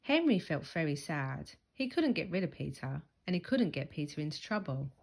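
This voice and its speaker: Expressive storyteller reading to children, low-ish and animated. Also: female voice, normal speed, vocal fry. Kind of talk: reading a picture book aloud.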